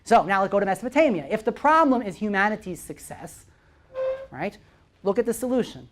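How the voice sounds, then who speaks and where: A male lecturer with a lively, swooping delivery, teaching a Bible class to a room of listeners. He punctuates almost every point with a quick "right?" or "okay?" and keeps turning to quiz the audience. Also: high voice, slight background noise. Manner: constantly checks in with "right?" and "okay?"; poses questions to the audience. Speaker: visiting lecturer.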